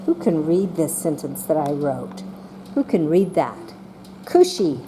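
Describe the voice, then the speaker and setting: A woman teaching a class of young children, speaking slowly and patiently and calling on each child by name. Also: low voice, slight background noise. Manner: slow and patient, calling on children by name, voicing excited examples.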